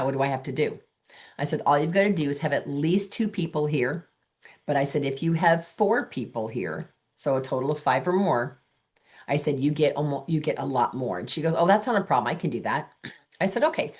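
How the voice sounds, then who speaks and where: A middle-aged woman coaching sales consultants, telling stories and acting out the dialogue she quotes. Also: low-pitched. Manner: chatty, acts out quoted dialogue. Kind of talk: coaching talk with anecdotes.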